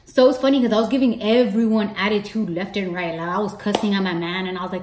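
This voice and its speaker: A woman's voice: medium pitch, fast talker, darkish tone. A woman in her early twenties telling a story casually to camera, chatty, swearing freely and acting out her own lines. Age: early 20s. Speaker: beauty vlogger. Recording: roomy echo.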